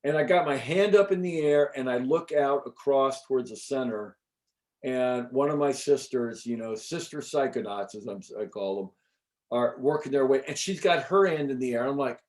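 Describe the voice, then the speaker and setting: A middle-aged man, an interview guest, telling a personal story in a casual, animated way with many fillers and the odd swear word. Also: mid-range voice, normal speed. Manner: animated, chatty, frequent fillers and restarts. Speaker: interview guest recounting an experience.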